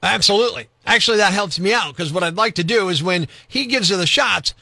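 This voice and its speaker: A radio host speaks with a high, bright and forceful voice, pushing his point with an argumentative, deadpan persistence. The studio mic sounds close and dry, with faint music underneath. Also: fast talker, vocal fry, no room sound. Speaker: radio host and prank caller. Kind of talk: radio prank call and news reading.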